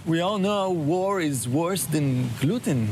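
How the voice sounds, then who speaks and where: A man's voice: a little high, animated, slow pace, noisy background. A man speaking in a hesitant, apologetic way in a comedy sketch.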